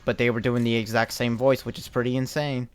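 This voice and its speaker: A young man talks loosely through a game stream, wandering from one thought to the next and cursing offhandedly. His voice sits at an ordinary pitch and comes through smooth and clean. Faint game music plays underneath him. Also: little pitch movement, fairly quick. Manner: rambling, chatty, with frequent restarts and casual swearing. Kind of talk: casual live-stream commentary while playing.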